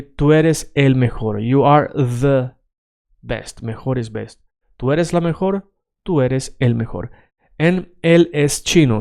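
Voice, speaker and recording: Male tutor, resonant even mid-pitch voice, keeps checking the learner follows. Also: smooth. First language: Spanish. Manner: checks in often with "right?" and "okay?"; switches between Spanish examples and English glosses. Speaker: Spanish teacher. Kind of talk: casual explainer lesson.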